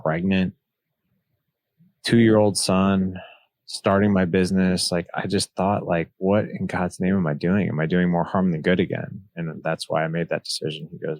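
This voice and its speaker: A man's voice: deep voice, level tone, normal speed, a little mellow, no echo. A man as a podcast guest, earnestly telling a personal story and retelling past conversations. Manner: earnest, retells dialogue with "he's like".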